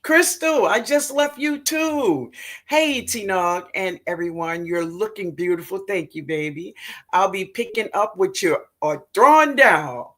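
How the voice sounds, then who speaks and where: Slow, lively New woman host. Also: mid-range voice. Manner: affectionate, calls viewers baby and sweetheart; excitable and laughing. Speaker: livestream host, gardener. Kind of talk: casual livestream chat, reading comments aloud.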